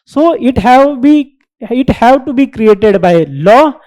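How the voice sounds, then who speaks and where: Slow, deliberate teacher woman. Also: on the high side, expressive, darkish tone. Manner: deliberate, repeats key terms, checks in with "right?". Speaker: exam coaching teacher. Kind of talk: current affairs lecture.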